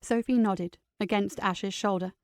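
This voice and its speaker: A woman reading a novel aloud in steady, scripted narration. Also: medium pitch, measured pace, no echo, clean studio sound. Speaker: audiobook narrator.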